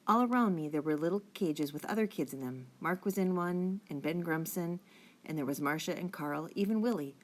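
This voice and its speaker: A woman reads a children's chapter book aloud with a clear, steady storytelling manner. Her voice sits on the low side for a woman. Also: fairly quick. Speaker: audiobook reader.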